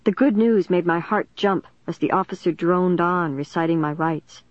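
A reader narrating a suspense novel in the first person, with steady dramatic storytelling. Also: mid-range voice, moderate pace, dry recording. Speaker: audiobook narrator. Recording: dry, dull lo-fi recording.

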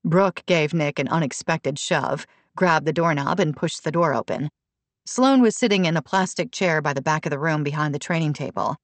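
A woman reading a novel aloud in steady, even scripted narration at a close mic. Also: low-pitched, normal speed, no echo. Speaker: audiobook narrator.

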